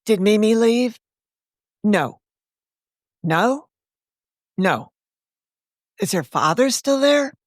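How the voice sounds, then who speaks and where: A woman's voice: mid-range voice, sing-song, extremely slow, long pauses, no room sound, studio quality, voice pushed up, exaggerated voice. A woman voicing a polite, earnest teenage girl babysitter who sounds eager and slightly pleading. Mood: anxious.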